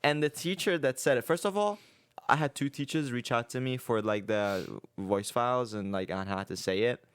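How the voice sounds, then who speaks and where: A young man co-hosting a podcast, talking in a relaxed, rambling way with many fillers. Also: medium pitch, normal speed, clear, resonant tone, no echo, studio quality. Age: young adult. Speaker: podcast co-host. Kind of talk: casual chat.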